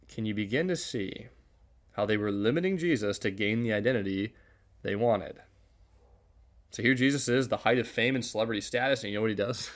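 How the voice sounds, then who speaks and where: A man reading a Bible passage and then giving an earnest, measured devotional talk for his podcast. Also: lowish voice, lively intonation, fairly bright tone. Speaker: podcast preacher. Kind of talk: scripture reading and devotional teaching.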